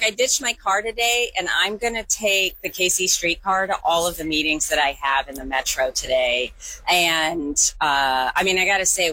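Bright, cheerful woman politician. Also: deep voice, no room sound, rough recording. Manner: cheerful, promotional. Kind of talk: upbeat social media video.

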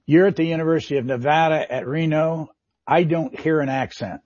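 A man hosting a television interview, asking measured, direct questions. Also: on the high side, a little mellow, no echo, lo-fi sound.

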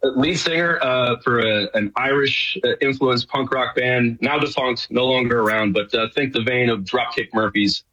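A man's voice: medium pitch, moderate pace, few pauses, bright, forceful tone, breathy edge, muffled recording. A middle-aged man from New York, a guest in a casual radio interview, chatting and rambling with many fillers. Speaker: guest, show host.

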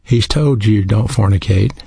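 A man's voice: fairly low pitch, a little slow, creaky, mellow, slightly rough, no echo. A man preaching a sermon in an earnest, teaching way, spelling out words letter by letter.

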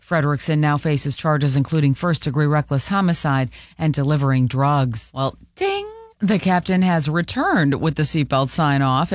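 A woman's voice: low-pitched, dry recording. Woman news anchor for local radio, chirpy and jokey, dry studio sound. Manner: chirpy, jokey between stories. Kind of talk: morning news read with playful asides. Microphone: studio mic.

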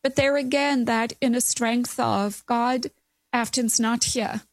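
A woman host answering her guest with gentle sympathy. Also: on the high side, steady tone, slow, dry recording. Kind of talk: interview talk.

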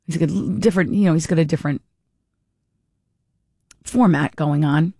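A woman's voice: low voice, normal speed, gravelly, mellow, breathy edge, no room sound. Talk radio lady riffing on local politics, opinionated, dry close sound. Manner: chatty, opinionated, frequent restarts. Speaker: radio talk show host. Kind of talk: political commentary.

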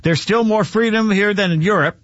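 A man's voice: high-pitched, fairly quick, a bit bright, no room sound. A man co-hosting a radio show, chatting and reading a post aloud. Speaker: radio co-host. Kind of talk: casual talk radio banter, reading posts aloud. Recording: dull radio studio sound.

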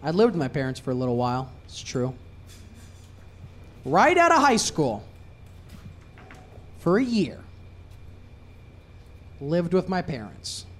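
A young adult man doing a stand-up comedy set, swinging from low mutters to loud shouting. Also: huge pitch swings, slow pace, long pauses.

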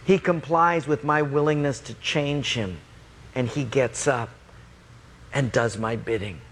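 A man voicing God, who speaks in a slow, grave and measured way. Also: medium pitch, fairly bright tone, slightly rough. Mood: solemn. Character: God speaking, solemn, calm and firm.

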